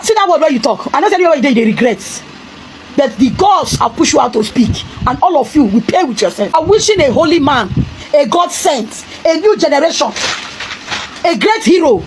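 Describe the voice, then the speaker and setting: A woman's voice: high-pitched, slight background noise, rough recording. Fiery, scolding woman with a Nigerian Pidgin accent. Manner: fiery, scolding, repeats phrases, bursts into shouts. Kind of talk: impassioned rant to camera.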